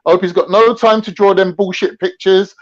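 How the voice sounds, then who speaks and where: A man's voice: sits high, fairly even intonation, a little fast. A young man, brash, taunting and swearing in casual online banter as a stream guest. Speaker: guest on a livestream. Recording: dull lo-fi stream audio.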